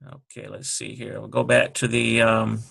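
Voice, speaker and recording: A man slowly working through a language exercise, sounding out syllables and spelling letters one by one. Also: fairly low pitch, flat delivery, creaky, a bit bright, husky. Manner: slow and halting, sounding out syllables. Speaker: Hebrew teacher. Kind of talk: screen-recorded lesson walkthrough.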